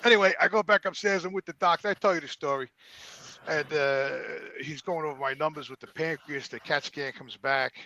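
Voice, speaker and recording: A man's voice: on the high side, brisk, sharp tone. A man telling a rambling story on a podcast, repeating words and acting out the people in it.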